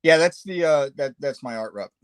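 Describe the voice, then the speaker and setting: A man's voice: on the high side, animated, moderate pace, clean tone, dry recording. A man hosting a live painting stream, chatting casually while he sketches, with lots of fillers and self-deprecating asides.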